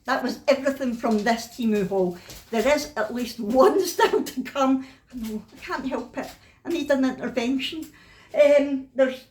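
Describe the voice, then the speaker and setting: A woman's voice: high-pitched, animated, normal speed, a little mellow, a little hiss or hum. Chatty Scottish woman in a roomy room. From Scotland. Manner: chatty and self-mocking, laughs often. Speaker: craft vlogger. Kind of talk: casual haul chat.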